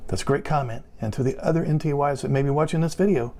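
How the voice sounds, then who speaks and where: A man's voice: medium pitch, steady tone, fast, hardly any pauses, mellow. A man, a relationship coach, talking casually to camera and walking listeners through practice scripts. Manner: instructive, leads listeners through repeat-after-me scripts.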